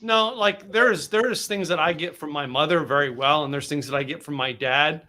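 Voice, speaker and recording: A man's voice: a little high, moderate pace. A middle-aged man hosting a casual interview chat, telling stories and acting out quotes with laughs. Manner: animated storyteller, acts out quotes with laughs. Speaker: show host.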